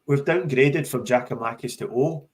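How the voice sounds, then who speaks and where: A man's voice: mid-range voice, normal speed. Emphatic man arguing football points. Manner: emphatic, repeats words as he restarts. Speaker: podcast co-host. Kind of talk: casual football chat.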